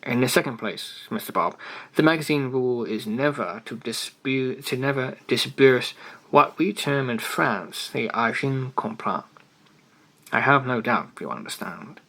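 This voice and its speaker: A bland, wheedling elderly editor, voiced by a man reading a story aloud. He coaxes in a bright, forward tone and lowers almost to a whisper on delicate points. He is evasive and never quite flustered. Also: lively intonation, a little slow, creaky, exaggerated voice, rough recording. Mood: blandly persuasive.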